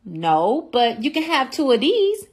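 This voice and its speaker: A woman's voice: high voice, sing-song, measured pace, a little mellow, heavily acted. A woman voicing a patient, tired mother in a comedy skit. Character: patient tired mom of bickering kids.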